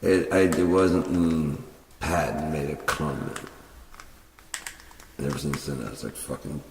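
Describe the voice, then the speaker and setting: A man rambling and swearing in a casual monologue while high on cannabis. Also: fairly even intonation, unhurried. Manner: rambling, profane, drawling. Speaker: vlogger. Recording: echoey room, mic far off, faint hiss.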